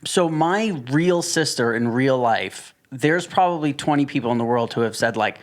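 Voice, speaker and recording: A man's voice: medium pitch, normal speed, hardly any pauses. A man in his thirties talking bluntly and animatedly as a podcast guest, swearing freely. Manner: blunt, profane, animated storytelling. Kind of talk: casual chat.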